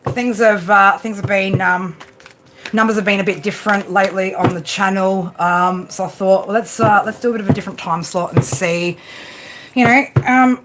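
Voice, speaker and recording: A woman's voice: medium pitch, fairly even intonation, moderate pace, background noise. A woman tarot reader hosting a casual live stream from home, chatty and swearing freely as she talks to viewers and her pets by name.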